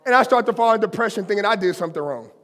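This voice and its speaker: High-voiced male pastor preaching in a reverberant sanctuary. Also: animated, very fast, a bit bright. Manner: impassioned, conversational preaching with colloquial asides. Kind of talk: sermon. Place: church sanctuary.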